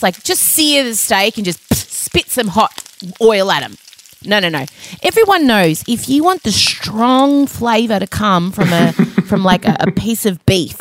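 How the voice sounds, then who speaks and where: Animated woman telling a story. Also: on the high side, slight background noise. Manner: animated, dramatic storytelling with wry humor. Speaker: podcast co-host. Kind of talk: casual storytelling chat.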